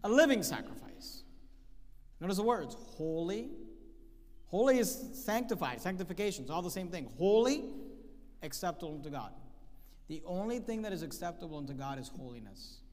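A man preaching a sermon, emphatic, reading scripture slowly and repeating key phrases. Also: on the high side, sing-song. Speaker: pastor. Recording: long hall reverb.

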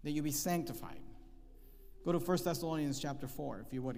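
A man preaching a sermon, emphatic, reading scripture slowly and repeating key phrases. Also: on the high side, darkish tone. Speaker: pastor. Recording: long hall reverb.

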